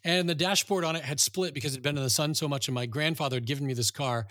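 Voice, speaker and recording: A middle-aged man co-hosting a podcast, telling stories in a chatty, animated way. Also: on the high side, quick pace, no room sound, studio quality. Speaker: podcast co-host. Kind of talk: casual chat, storytelling.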